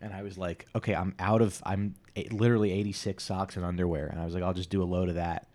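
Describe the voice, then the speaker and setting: Male podcast host, 30s, lowish voice; crude, self-deprecating solo monologue full of stops and restarts. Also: flat delivery, quick pace, darkish tone.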